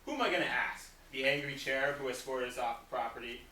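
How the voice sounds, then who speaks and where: Stubborn bickering husband played by a woman, low and bright, roomy stage sound from afar. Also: fast, a little hiss or hum. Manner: defensive, bickering, sarcastic. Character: stubborn male Adam, won't ask directions. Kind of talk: stage acting in a class showcase. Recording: roomy hall from far off.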